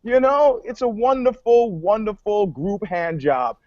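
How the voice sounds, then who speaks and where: A man on a podcast panel, telling a story in a wry, animated, joking way. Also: high-pitched, no echo, lo-fi sound. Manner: animated, wry, quick to joke. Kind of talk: casual chat, storytelling.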